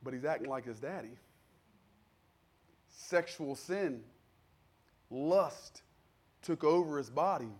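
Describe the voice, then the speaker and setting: High-voiced preacher man, conversational. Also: expressive, takes it slowly, pauses often, slightly rough. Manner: conversational preaching, acts out quoted voices, builds to shouting. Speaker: pastor. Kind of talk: sermon.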